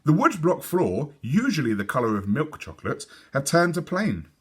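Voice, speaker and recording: A man reading a children's book aloud in a lively, expressive storytelling voice. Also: fairly high pitch, moderate pace, husky. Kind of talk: children's read-aloud narration.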